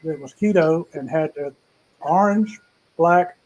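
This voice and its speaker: A man's voice: on the high side, measured pace, darkish tone, muffled recording. A man hosting a casual cooking show, chatting in a folksy, rambling way. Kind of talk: casual live cooking chat.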